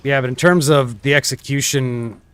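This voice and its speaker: A man's voice: mid-range voice, steady tone, moderate pace, a bit bright, smooth. A young man streaming a shooter game, chatting casually and trailing off into mumbled asides. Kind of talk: casual gameplay commentary.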